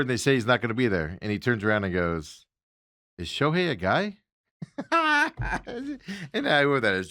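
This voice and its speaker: A man's voice: medium pitch, sharp tone, no room sound, clean studio sound. A man hosting a casual sports talk show, rambling along with lots of fillers and chuckling asides.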